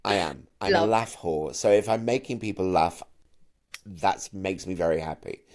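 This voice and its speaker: A middle-aged man from Manchester, a camp and animated actor and singer who often stammers into his sentences while chatting as an interview guest. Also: low-pitched, moderate pace. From Manchester, England. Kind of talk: casual interview chat.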